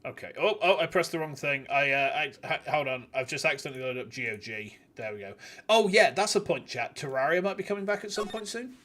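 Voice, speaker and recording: A man's voice: on the high side, expressive, fast talker, a bit bright. A man streaming a game, giving chatty, casual commentary and laughing often. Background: game music.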